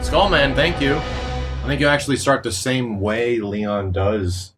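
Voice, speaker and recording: A man's voice: mid-range voice, steady tone, unhurried. A man hosting a casual let's-play with friends, joking and swearing freely. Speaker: host playing a game with friends. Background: game music and sounds.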